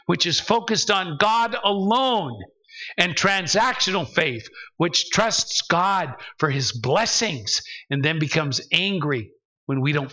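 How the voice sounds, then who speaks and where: A man's voice: sits high, bright, forceful tone, rough recording. A man preaching a sermon as pastor in a church, emphatic and acting out the voices of the believers he describes. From United States. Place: church sanctuary.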